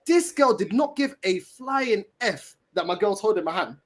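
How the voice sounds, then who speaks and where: A young man telling a story in casual chat, animated, laughing often and full of slang. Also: high voice, normal speed.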